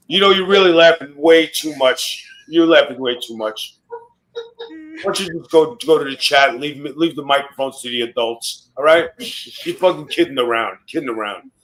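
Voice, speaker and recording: A man's voice: on the high side, big pitch swings, normal speed, a bit bright, rough recording. A man telling stories and roasting a co-host on a podcast in brash, profane, mock-mobster banter. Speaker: guest wrestler. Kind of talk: loud comedic roasting, storytelling. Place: podcast studio.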